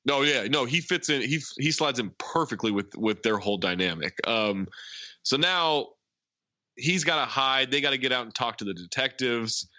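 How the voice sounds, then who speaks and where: Man, podcast host, bright voice, dry dull recording, rambling plot recap. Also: medium pitch, lively intonation, moderate pace, no echo. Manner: rambling plot retelling with fillers. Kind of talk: casual movie recap.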